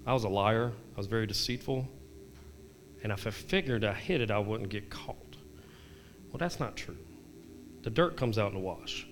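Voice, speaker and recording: A man's voice: fairly low pitch, normal speed, pauses often, noisy background. A married man giving a casual devotional talk. He reads scripture aloud and makes candid, self-deprecating asides and direct questions to his listeners. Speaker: devotional vlogger.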